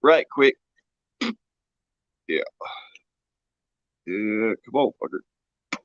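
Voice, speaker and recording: A man's voice: on the low side, expressive, very slow, no echo. Drawling man, muffled mic. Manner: drawling, profane, joking. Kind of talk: casual chat.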